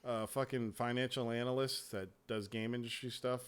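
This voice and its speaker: A man hosting a casual gaming chat show, talking in a profane, animated way and laughing often. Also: mid-range voice, moderate pace, smooth. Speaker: show host.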